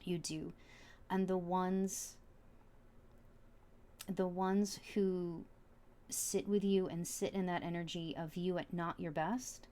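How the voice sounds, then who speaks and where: A woman talks through a tarot spread in a loose, casual way, stopping and restarting her sentences. Her tone is soft and sincere, and she gets quietly emotional as she reassures the listener. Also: fairly low pitch, little pitch movement, slow pace, long pauses. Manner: chatty, earnest, full of fillers and restarts; soft and heartfelt, at times emotional. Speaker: tarot reader. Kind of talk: casual tarot reading to camera.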